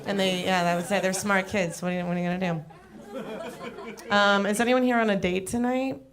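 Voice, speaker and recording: A woman's voice: medium pitch, steady tone, a little fast, a crowd in the background. A young adult woman delivers a stand-up set on a comedy club stage. She is chatty and self-deprecating. Her delivery is loose and full of casual fillers.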